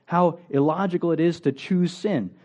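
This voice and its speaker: A man's voice: fairly high pitch, moderate pace, warm tone. A male pastor preaching a sermon in a conversational way, asking the congregation rhetorical questions.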